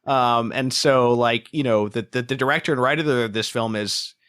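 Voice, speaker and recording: A man's voice: medium pitch, fairly even intonation, moderate pace, fairly bright tone, clear, resonant tone. A man co-hosting a film review podcast in casual chat, rambling with lots of filler words. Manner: rambling, lots of "like" and "you know". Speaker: podcast co-host.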